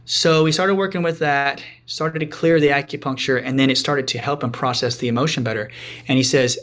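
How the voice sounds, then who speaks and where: A man's voice: medium pitch, fairly even intonation, fairly quick, a bit bright. A man guesting on a podcast, telling a story casually and chattily, with frequent restarts and asides.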